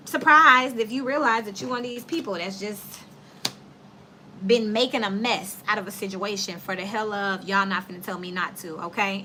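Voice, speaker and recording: Blunt, laughing woman reading tarot, bright tone. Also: a little high, slight background noise. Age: adult with children. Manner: blunt, animated, slangy, laughs often. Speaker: tarot reader. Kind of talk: casual tarot reading to viewers.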